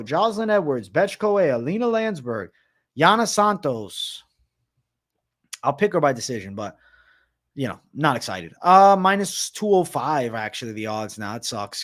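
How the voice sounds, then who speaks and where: Profane, exasperated higher-voiced man. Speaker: host of a live betting stream. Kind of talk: casual live-stream rant.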